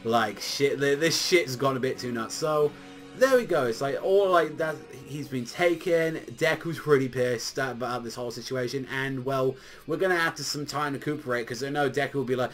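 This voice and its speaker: A young man giving a casual, animated manga chapter review, full of swearing and filler words, with faint music behind him. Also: medium pitch, moderate pace. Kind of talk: casual solo review commentary.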